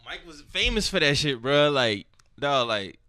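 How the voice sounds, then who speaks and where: A man's voice: on the high side, big pitch swings, a little slow, pushed and bright. A young man co-hosting a podcast, telling emphatic stories in casual slang. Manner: emphatic storytelling with street slang. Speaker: podcast co-host. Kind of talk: casual chat.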